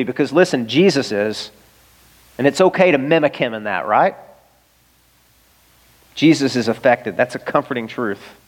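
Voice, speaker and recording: A male pastor preaching a sermon in an earnest, emphatic way, asking the listeners rhetorical questions. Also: mid-range voice. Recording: long reverb of a large hall.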